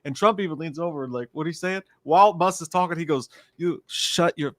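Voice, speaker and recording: A man co-hosting a casual podcast, telling stories in an animated way, laughing often and swearing freely. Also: fairly high pitch, quick pace. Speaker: podcast co-host. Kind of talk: casual profane chat.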